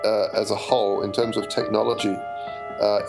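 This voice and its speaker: A male radio guest chatting casually, a lively storyteller who laughs often and uses many fillers. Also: fairly low pitch, normal speed, vocal fry, over music, rough recording. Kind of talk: casual chat, anecdote. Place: in Berlin.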